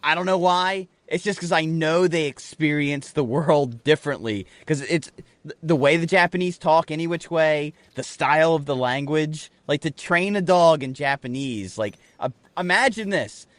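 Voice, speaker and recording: A man co-hosting a podcast, rambling through animated, profane stories in casual banter. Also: on the high side, normal speed, no room sound. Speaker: podcast co-host.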